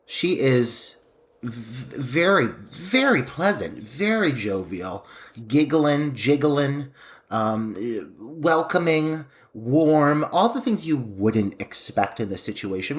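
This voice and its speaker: A man's voice: medium pitch, slow pace. A man co-hosting a podcast, enthusiastically describing movie scenes. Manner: animated, gushing with laughter. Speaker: podcast co-host. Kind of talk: casual film discussion.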